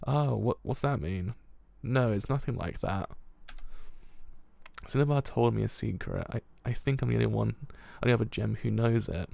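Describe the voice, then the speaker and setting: A man's voice: mid-range voice, moderate pace, creaky, mellow, no echo. A man voicing a clumsy, self-doubting young gem who is fretful and eager to prove itself.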